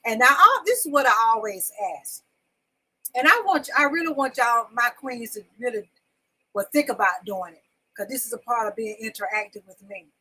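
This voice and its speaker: A woman's voice: fairly high pitch, expressive, moderate pace, pushed and bright, husky, poor audio. A woman hosting a casual livestream from home, chatty and repetitive as she calls her viewers in, itchy from poison ivy. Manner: chatty, repetitive call-outs to the audience. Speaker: livestream talk show host. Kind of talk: casual live-stream chat with viewers. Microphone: desk microphone.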